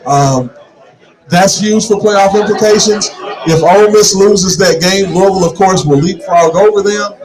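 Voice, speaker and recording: A middle-aged man hosting a casual sports talk show in a bar, animated and opinionated, repeating words when fired up. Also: high-pitched, normal speed. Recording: live in a noisy bar crowd. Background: bar crowd chatter.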